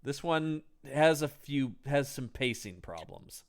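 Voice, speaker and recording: A man co-hosting a casual film-review podcast, jokey and quick to act out lines from scenes. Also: mid-range voice, clean tone. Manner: animated, jokey, acts out quotes. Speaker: podcast co-host.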